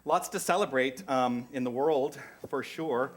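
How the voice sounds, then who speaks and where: A man's voice: mid-range voice, unhurried. A man from the United States welcoming a congregation as minister, chatty and effusive with rambling asides. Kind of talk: church service welcome.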